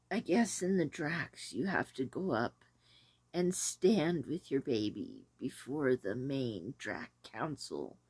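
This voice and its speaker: A woman hosting a casual talk about an old film, rambling and hesitant with many pauses. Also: low voice, darkish tone, slightly rough, dry recording. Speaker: host reviewing an 80s film. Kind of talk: casual chat.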